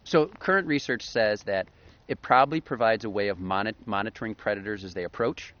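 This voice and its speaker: A man's voice: lowish voice, a little fast, fairly bright tone. A man co-hosting a podcast, explaining research in an enthusiastic, casual way and laughing easily. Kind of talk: casual chat. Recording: slightly dull lo-fi podcast audio.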